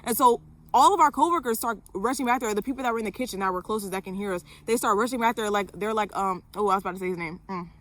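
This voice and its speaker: A woman's voice: medium pitch, fast talker, a bit bright. A young woman vlogger telling a personal story to camera, candid, with lots of fillers and swearing.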